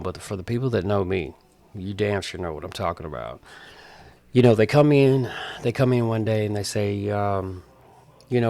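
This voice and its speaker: Gravelly forty-something man vlogging. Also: lowish voice, darkish tone. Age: 40s. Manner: emphatic, repetitive, preachy street talk. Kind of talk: casual talk to camera.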